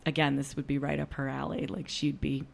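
A woman's voice: rumbling low, flat delivery, a little fast, gravelly. A woman who performs as a storyteller, chatting casually about her show and acting out quoted lines with animation. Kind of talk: casual conversation.

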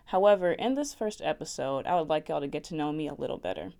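A young woman from New Jersey hosts her own podcast, rambling through a casual solo monologue with frequent giggles. She talks fast and animatedly in a deep, dark voice with vocal fry.

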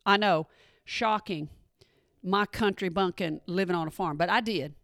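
A middle-aged woman, hosting a podcast and chatting with her listeners, calling them y'all. Her voice is a little hoarse, with an occasional frog in her throat. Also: fairly low pitch, moderate pace, fairly bright tone, no room sound, studio quality. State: slightly hoarse, clearing throat. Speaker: podcast host. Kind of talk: casual chat.

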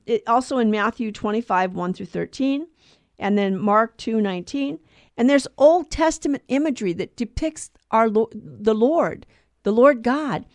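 A woman with a slightly high voice, recorded without echo, co-hosts a podcast where she teaches scripture. In casual chat she explains a gospel reading, digressing and correcting herself along the way.

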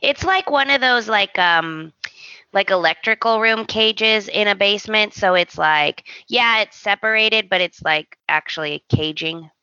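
A woman co-hosting a casual podcast, recapping a soap opera in a sassy, animated way and laughing often. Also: medium pitch, a little slow, no echo, muffled recording. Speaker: podcast co-host.

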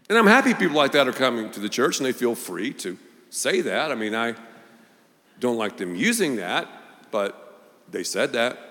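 A man's voice: mid-range voice, unhurried, long pauses. Storytelling male pastor in echoing hall. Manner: animated storytelling, acting out voices. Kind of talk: sermon. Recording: long reverb of a large hall.

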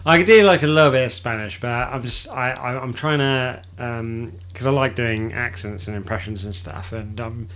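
A man's voice: medium pitch, fairly bright tone. Man cutting in with jokes. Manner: interjecting, swearing, quick reactions and jokes. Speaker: podcast co-host. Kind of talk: casual comedic chat.

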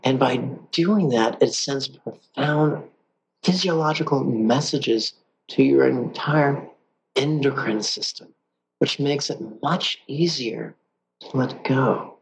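A man teaching a guided meditation lesson, calm and playful, with drawn-out pauses. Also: mid-range voice, creaky, a little hiss or hum, rough recording.

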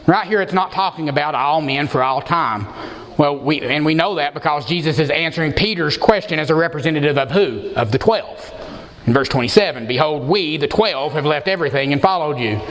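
A man's voice: on the high side, a little fast, a bit bright. A man preaching an expository sermon as pastor, emphatic and posing rhetorical questions to the congregation. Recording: long hall reverb.

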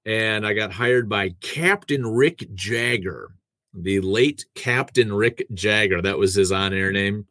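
Radio man, lowish voice, dry close mic, chatty self-deprecating storyteller. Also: slow, bright, forceful tone, no room sound. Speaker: radio host and producer. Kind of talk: casual conversational storytelling.

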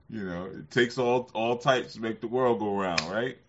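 A man's voice: fairly low pitch, background noise. A man hosting a casual livestream who rambles, laughs often and uses a lot of fillers. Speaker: livestream host. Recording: slightly muffled lo-fi sound.

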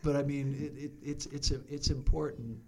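A man's voice: medium pitch, level tone, a little hiss or hum. A man who serves as a fire chief, speaking reflectively as a podcast guest and often restarting his words. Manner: reflective, halting, with many restarts. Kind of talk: casual podcast conversation.

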